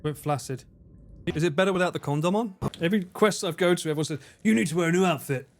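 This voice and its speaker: A man's voice: on the high side, fast talker, a little hiss or hum. A man chatting casually to his live-stream audience while gaming, joking around and swearing freely. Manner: jokey, animated, swears freely.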